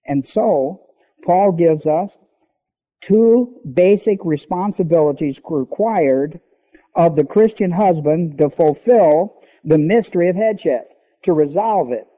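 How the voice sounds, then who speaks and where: A man preaching a sermon, teaching emphatically and slowing down to stress key words. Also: fairly high pitch, animated. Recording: long hall reverb, dull lo-fi sound.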